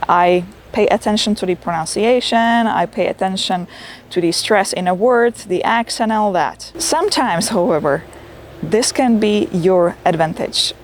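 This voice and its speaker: A middle-aged woman speaks English as a second language in an earnest, encouraging way. She gives tips straight to the camera in a mid-pitched voice, with a faint hiss of noise behind her. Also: darkish tone. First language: not English. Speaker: YouTuber giving tips. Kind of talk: tutorial vlog talk to camera.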